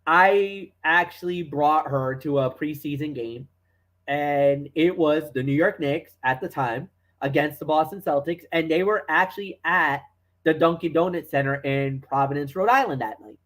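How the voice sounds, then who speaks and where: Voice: medium pitch, normal speed, a bit bright, poor audio. A sports talk show co-host chatting casually, telling stories and talking players, rambling with fillers and restarts.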